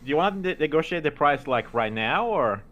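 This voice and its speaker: A stammering, joking man plays a bard at a tabletop game table. His voice sits somewhat high and swings widely in pitch. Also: lively intonation, a little fast, fairly bright tone. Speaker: player.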